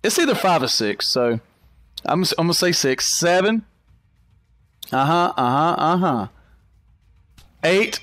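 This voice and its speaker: A young man giving excited gameplay commentary, talking to the creatures on screen and to his viewers, and laughing often. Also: a little high, slow pace, pauses often. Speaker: gaming YouTuber.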